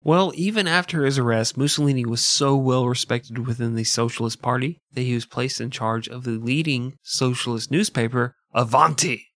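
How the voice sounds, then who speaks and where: A man's voice: mid-range voice, normal speed, few pauses, a bit bright, no room sound. A man telling history on a podcast, cracking sarcastic jokes between the facts. His voice sits in a middle register and is recorded close and dry, with no room sound. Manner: sarcastic, jokey asides between narration. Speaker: podcast host narrating history. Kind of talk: casual comedic history podcast chat.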